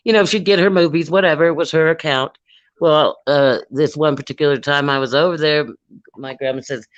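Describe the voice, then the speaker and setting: A man's voice: fairly high pitch, fairly quick, clear, resonant tone. A middle-aged man telling a story in casual chat. He acts out the other people's voices as he goes. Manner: animated, mimics voices in anecdotes. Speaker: live stream participant. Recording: dull lo-fi stream audio.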